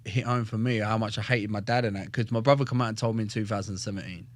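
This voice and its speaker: A man's voice: fairly low pitch, steady tone, fast, dry recording. Blunt, swearing fighter telling his story. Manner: profane, blunt and jokey, stumbles and repeats words. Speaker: guest, professional fighter. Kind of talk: casual storytelling in a podcast interview.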